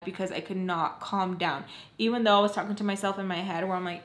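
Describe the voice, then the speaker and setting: A young woman in her twenties telling a casual storytime vlog at home, animated, filling every phrase with "like" and acting out what people said. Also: medium pitch, fairly quick. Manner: animated, fillers "like" constantly, acts out quoted lines. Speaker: vlogger.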